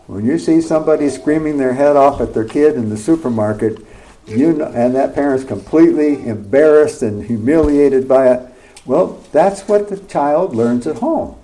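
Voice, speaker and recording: A man's voice: medium pitch, warm tone, low-quality recording. A middle-aged man preaching a sermon in a conversational way, often checking in with his listeners through rhetorical questions.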